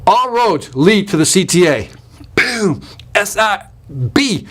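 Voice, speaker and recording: A man with a high-pitched, breathy voice talks slowly while hosting a live sales webinar as a sales trainer. Even so, he's energetic and emphatic, repeating points punchily and reading viewer comments aloud.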